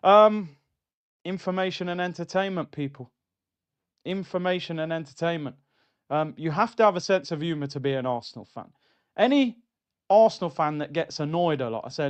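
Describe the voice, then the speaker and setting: A man hosting a casual fan livestream, animated and full of banter, repeating his phrases. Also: sits high, moderate pace, clear, resonant tone. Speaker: livestream host. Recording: slightly dull lo-fi sound.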